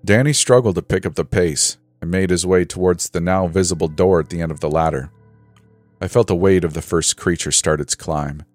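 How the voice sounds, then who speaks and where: Deep-voiced man narrating horror. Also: a little fast, a little mellow, dry recording. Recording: faint background music.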